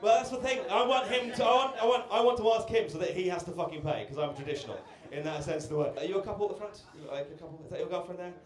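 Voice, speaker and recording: A man's voice: high-pitched, very fast, few pauses. A young British man doing a stand-up set, cheeky and chatty, bantering with the audience in a comedy club. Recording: roomy club with loud crowd.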